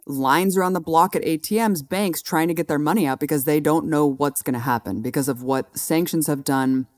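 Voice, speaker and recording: A woman's voice: sits low, fairly quick, darkish tone, dry recording. Woman going off on politics, blunt and fired up, swears, dry sound. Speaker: co-host. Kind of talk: casual political commentary.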